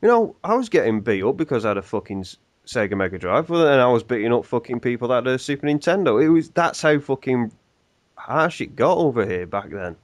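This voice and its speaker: A man's voice: medium pitch, big pitch swings, a little fast, no room sound. A man from the UK, a podcast co-host telling stories in a profane, casual way. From United Kingdom. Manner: profane, storytelling. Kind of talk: casual ranting podcast chat.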